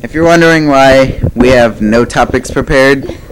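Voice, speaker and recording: A young co-host with a middle-pitched voice who keeps steering a loose group chat and won't let it end. The talk is bossy and quick, and clear noise runs behind it. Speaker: podcast co-host. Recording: noisy recording.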